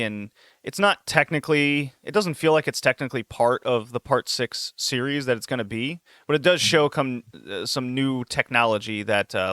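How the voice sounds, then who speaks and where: A man's voice: mid-range voice, pushed and bright, clear, resonant tone, no echo, clean studio sound. A man hosting a podcast, chatting casually and rambling through recommendations. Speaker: podcast host.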